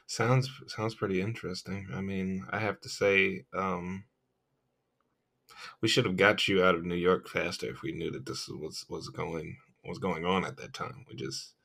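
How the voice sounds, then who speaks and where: A man's voice: low-pitched, little pitch movement, a little slow, vocal fry, fairly bright tone. A young man co-hosting a casual podcast, joking and laughing along. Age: young adult. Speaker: podcast co-host. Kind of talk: casual chat.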